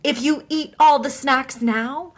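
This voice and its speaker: An exasperated flight attendant scolds a cabin full of passengers, as a woman puts the voice on. The voice is raised high and loud, with a sarcastic, lecturing edge. It is telling-a-story acting rather than a polished performance. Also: slow.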